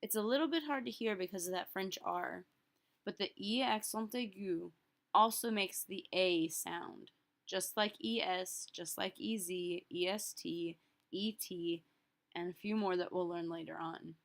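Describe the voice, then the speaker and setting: A woman teaching a recorded French lesson, explaining phrases in a casual, friendly way and slowly repeating each one word by word for pronunciation. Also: fairly low pitch.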